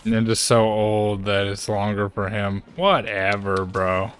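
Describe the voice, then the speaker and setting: A man giving casual gameplay commentary, excitable, playful and chatty. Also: on the low side, takes it slowly, smooth, faint music behind. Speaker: gaming streamer.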